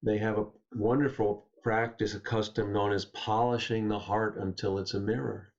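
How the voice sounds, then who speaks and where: A man speaking as a guest poet, telling stories and reading poems in a gentle, unhurried, reflective way. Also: lowish voice, flat delivery, dull audio. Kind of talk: reflective storytelling and poetry reading.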